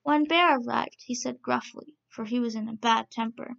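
A woman reading a children's story aloud in steady, measured narration, in a dull, lo-fi recording. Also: a little high, vocal fry.

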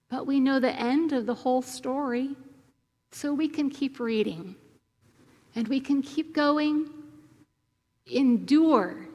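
Woman pastor, slow and gentle preaching, slightly high voice, long hall reverb. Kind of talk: sermon with prayer.

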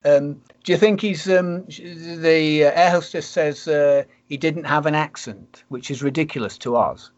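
A man in casual conversation, speculating out loud and working through ideas with frequent restarts. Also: a little high, normal speed, hardly any pauses. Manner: speculative, thinking aloud with restarts. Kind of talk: casual chat. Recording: dull lo-fi sound.

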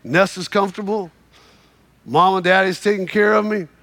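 A preacher delivers a sermon with dramatic storytelling and fervent exhortation. His voice is very high and bright. The sound is close and dry. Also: fairly even intonation, moderate pace, creaky, dry recording.

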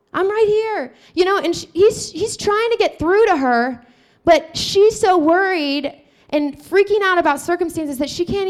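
A woman with a high voice preaches with animated energy. She retells a scripture story and acts out the dialogue herself, jumping between the voices. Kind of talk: sermon.

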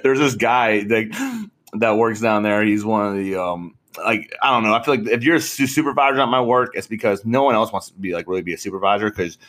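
A man's voice: fairly low pitch, fairly quick, fairly bright tone. A man in his twenties chatting casually, rambling and swearing, with frequent laughs and lots of "bro.". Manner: profane, rambling, laughs often, says "bro". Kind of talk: casual chat.

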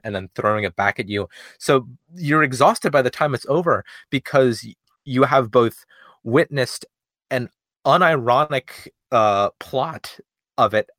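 A man's voice: mid-range voice, bright, forceful tone, dry recording, clean studio sound. A man in a casual film review chat, talking in a rambling, analytical way with many fillers.

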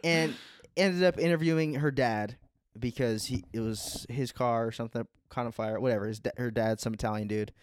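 A man's voice: mid-range voice, fairly quick, no room sound. A young man chatting casually as a podcast co-host, rambling and laid-back, with lots of "like" and "dude". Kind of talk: casual chat.

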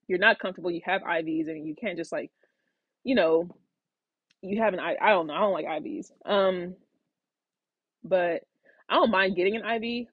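A woman's voice: lowish voice, slightly rough, no echo, narrow, tinny audio. A woman hosting her own podcast, telling a personal story in a rambling, casual way with lots of fillers, restarts and acted-out quotes. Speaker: podcast host.

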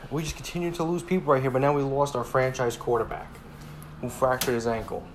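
A man's voice: mid-range voice, steady tone, fairly quick, a little hiss or hum. A twenty-year-old man ranting casually about a football game, heated, swearing often and repeating himself as he rambles. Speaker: sports fan vlogger.

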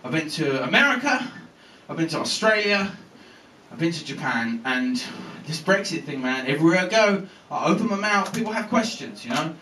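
A man's voice: a little high, very animated, normal speed, sharp tone, roomy sound, distant mic, slight background noise, low-quality recording. A man performing a live stand-up routine at a comedy venue, swearing freely and acting out the characters in his stories.

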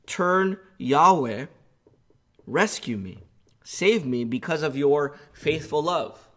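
A man's voice: on the high side, lively intonation, slow. A male pastor preaching an earnest sermon, growing impassioned as he voices the psalmist's pleas.

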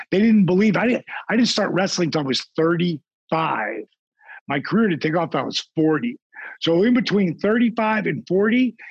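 A man with a rough, gravelly and husky voice, sitting a bit high for a man. He tells stories with animation and does voices along the way. The sound is dry and somewhat muffled. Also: no echo. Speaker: podcast guest. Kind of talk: casual storytelling.

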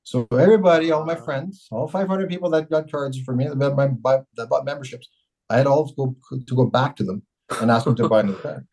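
Middle-aged man from Canada, mayor on a podcast; quick, chatty, keeps restarting his sentences. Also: medium pitch, rough recording. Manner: rambling, self-correcting, animated storyteller. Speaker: mayor, interview guest. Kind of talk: casual storytelling interview.

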